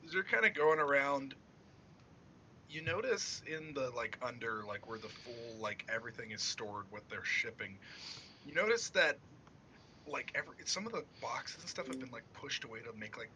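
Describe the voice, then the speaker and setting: A man's voice: mid-range voice, moderate pace, pushed and bright, slight background noise. A man running a casual tabletop game as game master, laughing often and narrating loosely with lots of fillers.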